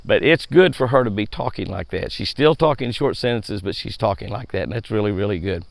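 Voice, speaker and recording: A man's voice: fairly low pitch, fairly quick, vocal fry, no room sound. Folksy older man with a drawl. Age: 70s. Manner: folksy, upbeat, repeats words often. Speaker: fishing show host. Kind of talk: casual chat to viewers.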